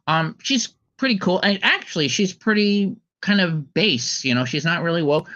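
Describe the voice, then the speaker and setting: A man's voice: high-pitched, animated, moderate pace, pushed and bright. Guy hosting a chat show, rambles a lot with ums, kinda muffled lo-fi sound. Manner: rambling, full of ums and restarts. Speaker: podcast host. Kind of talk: casual commentary chat. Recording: slightly dull lo-fi audio.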